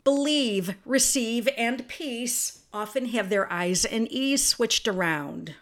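Slow-talking woman podcast host. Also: a little high, fairly bright tone. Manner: chatty, spells words out letter by letter. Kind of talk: casual solo podcast monologue.

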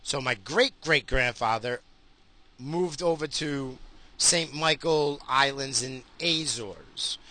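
A man's voice: mid-range voice, takes it slowly, pushed and bright. A middle-aged man ranting crudely in a profane solo monologue, recorded in his car while he drives. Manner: crude, heated and sweary, with frequent restarts. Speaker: solo podcaster.

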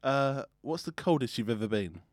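Man, mid-pitched voice, podcast host, chuckles through stories, dry close mic. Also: moderate pace, no room sound. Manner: laughs often, relaxed questioning. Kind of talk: casual chat. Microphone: studio microphone.

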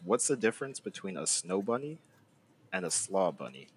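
A man's voice: sits low, big pitch swings, moderate pace, a little hiss or hum. A young man in his twenties, a podcast co-host who teases his friend and laughs a lot. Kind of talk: casual chat.

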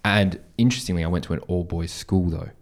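An Australian man with a low voice hosting a podcast chat. He circles his questions, restarting often before landing on the point. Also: quick pace. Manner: hesitant, many fillers and restarts. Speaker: podcast host. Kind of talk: casual chat.

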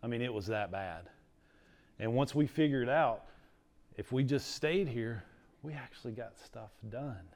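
A man's voice: mid-range voice, animated, measured pace, a little mellow. A middle-aged man, teaching a class in a casual, rambling lecture full of stories. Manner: chatty, storytelling, uses "like" a lot.

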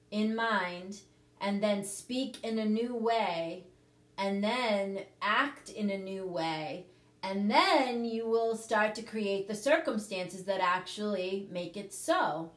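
Hosting a casual teaching livestream, a prosperity teacher speaks at medium pitch with a roomy sound. Her coaching is earnest, punctuated by "okay?" check-ins with listeners.

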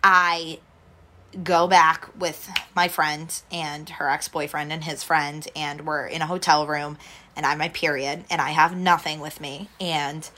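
Low-voiced young woman telling a story. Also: level tone, measured pace, bright, forceful tone, a little hiss or hum. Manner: rambling, heavy use of "like" fillers, restarts. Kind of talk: casual storytelling chat.

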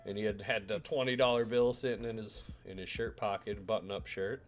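A man's voice: on the low side, steady tone, fairly quick, faint music behind. A man chatting casually with friends, telling a rambling, profane family anecdote with plenty of fillers. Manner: rambling, profane, loose storytelling. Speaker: storyteller among friends. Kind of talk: casual chat.

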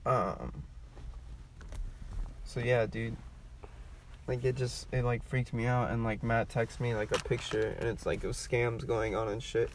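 A man's voice: mid-range voice, steady tone, measured pace, long pauses. Young man, casual storytelling, rambling, profane, fillers, in a car, distant mic, faint noise. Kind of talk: casual storytelling among friends.

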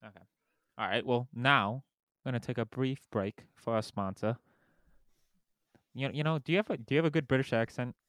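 Smooth-voiced young man hosting casually. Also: mid-range voice, moderate pace, long pauses, a bit bright, no room sound. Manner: rambling, lots of "like". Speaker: podcast host. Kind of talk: casual chat.

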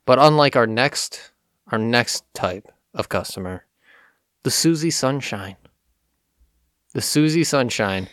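A man's voice: medium pitch, lively intonation, takes it slowly, long pauses, a bit bright, dry recording, clean studio sound. A man co-hosting a casual chat, chiming in with jokes and quips. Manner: joking, chimes in with quips. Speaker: podcast co-host.

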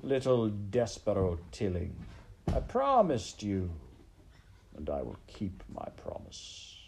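A man's voice: lowish voice, wildly swooping pitch, takes it slowly, a little hiss or hum, heavily acted. A man doing a sly whispering rat. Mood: silky. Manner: hushed, gloating near-whisper. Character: sly, purring male rat guide.

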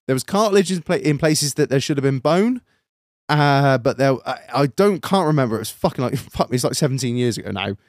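A man's voice: mid-range voice, lively intonation, brisk, no echo, clean studio sound. A young man telling a story in a casual podcast chat, swearing freely as he goes. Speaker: podcast co-host. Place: studio.

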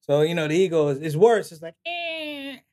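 His voice is on the high side and his pace quick: a middle-aged comedian guesting on a podcast. He tells long tales in an easygoing interview, playing out the quotes of the people involved and laughing as he does.

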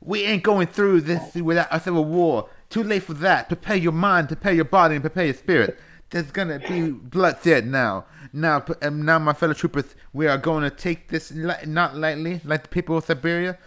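Man playing a bombastic Southern militia boss in wrestler-promo style; loud, drawling rally cry. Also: fairly high pitch, moderate pace, pitched above the performer's own voice, close to an everyday voice. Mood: fiery. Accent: American Southern.

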